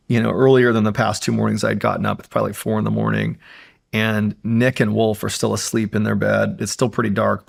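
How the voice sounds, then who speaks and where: A man's voice: on the low side, vocal fry. A man, a podcast guest, telling a suspenseful true story in casual conversation, building tension and often saying "like".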